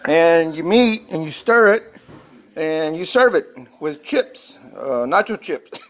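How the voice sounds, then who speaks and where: A man's voice: fairly high pitch, expressive, takes it slowly. A man from Texas with a Texan accent, casually talking through a recipe at his workplace in a rambling, folksy way full of fillers. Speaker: mechanic shop worker sharing a recipe. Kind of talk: casual how-to vlog.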